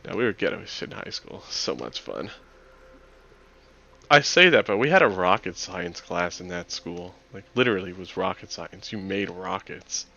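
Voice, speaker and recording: A man's voice: low voice, expressive, normal speed, creaky, bright, forceful tone, dull audio. A young man chatting casually before a tabletop game session, telling a swear-filled story through frequent laughter over voice chat. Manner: profane, laughing anecdote-teller.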